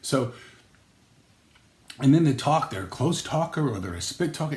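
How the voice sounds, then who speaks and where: A man hosting a comedic vlog, rambling through jokes and acting out quoted lines with sudden jumps in pitch. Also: animated, moderate pace, long pauses, a little mellow, roomy sound. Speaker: sports vlog host.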